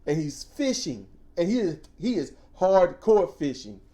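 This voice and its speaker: Male co-host, casual ranting storyteller, mellow dark voice, very lively pitch, mocking quotes. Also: measured pace. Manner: animated storytelling, swings into loud mocking quotes. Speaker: podcast co-host.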